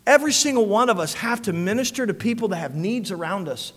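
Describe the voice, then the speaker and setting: A man delivers a sermon as pastor, his voice pitched high and bright. His delivery is lively and wide-ranging, falling to near whispers and climbing to shouted peaks. The sound rings with the long reverb of a large hall. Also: quick pace, hardly any pauses. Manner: preaching with big swings from hushed to shouting.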